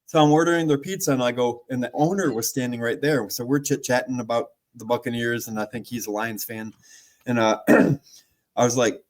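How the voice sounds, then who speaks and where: A man's voice: mid-range voice, fairly quick, darkish tone. Chatty man hosting a podcast. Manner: chatty, rambling anecdotes with laughs. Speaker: podcast host and musician. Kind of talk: casual podcast chat.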